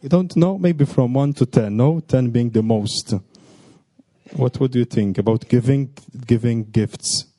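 A man who is a priest with a non-native English accent. He reads a gospel passage, then gently questions children, ending his sentences with tag words. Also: mid-range voice, measured pace, dry recording. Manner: gentle, coaxing, repeats questions, ends with "no?" and "okay?".

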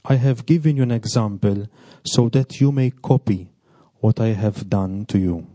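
A priest reading out Jesus, calm teacher. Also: male voice, fairly low pitch, no room sound, natural voice. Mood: teaching. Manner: plain, unhurried reading without a changed voice. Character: Jesus, calm male teacher speaking to disciples. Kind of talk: liturgical gospel reading.

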